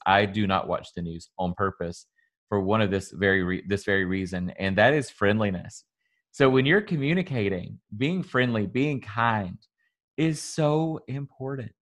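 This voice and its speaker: Earnest man with a Southern drawl. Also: lowish voice. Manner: earnest, motivational, loose and rambling. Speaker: guest, salon owner and public speaker. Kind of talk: casual podcast interview.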